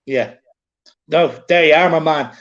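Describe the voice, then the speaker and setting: A man's voice: on the high side, unhurried, a bit bright, muffled recording. A man with an Irish accent hosting a casual live stream, reading out viewer messages in a chatty, repetitive way, recorded on a phone. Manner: chatty, repeats himself, calls people "my man" and "lad". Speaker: show host reading super chats.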